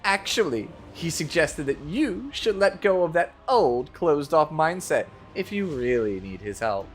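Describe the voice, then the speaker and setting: A man voicing a calm, principled young knight in a live game dub, reading in a measured, lowered, sincere way. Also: faint music behind. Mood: earnest. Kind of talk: amateur game voice-over read live on stream.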